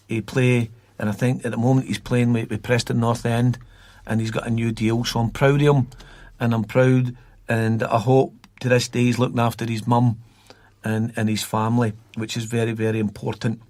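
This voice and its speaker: Scottish male podcast guest, rambling storyteller, even tone, close dry mic. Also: mid-range voice, normal speed, no room sound. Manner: rambling, repeats words while recalling. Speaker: guest from a youth football academy.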